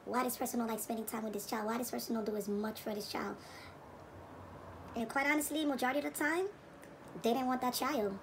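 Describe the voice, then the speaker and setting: A woman's voice: fairly high pitch, fairly even intonation, brisk, pauses often, slight background noise, rough recording. A woman hosting a reaction video, giving preachy commentary and repeating her points for emphasis.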